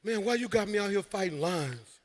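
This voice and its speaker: David, a whiny shepherd as a preacher puts him on. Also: male voice, high-pitched, lively intonation, moderate pace. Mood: exasperated. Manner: whiny, exasperated complaining. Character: fed-up young shepherd man venting. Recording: reverberant live hall.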